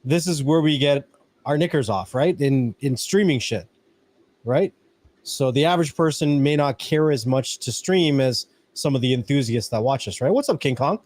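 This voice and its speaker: A man's voice: mid-range voice, animated, moderate pace, a little mellow. A man co-hosting a casual live-streamed podcast, talkative and often ending his points with a question for agreement. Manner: talkative, ends points with "right?". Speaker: podcast co-host.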